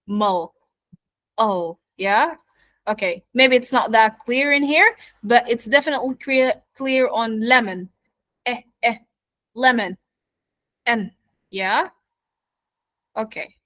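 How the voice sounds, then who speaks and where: A woman teaching an online pronunciation lesson, speaking slowly with many fillers and checking in with "yeah?" and "okay?", her first language Arabic. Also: fairly high pitch, fairly bright tone, no echo. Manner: slow, many fillers, asks "yeah?" and "okay?" after points. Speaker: accent teacher.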